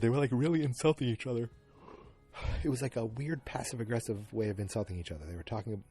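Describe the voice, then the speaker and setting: A man with a somewhat low voice rambles casually through a podcast recap, chatty and full of fillers. He talks from home with faint music in the background. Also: mellow. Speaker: podcast host. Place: at home in New England, moving about with his dog.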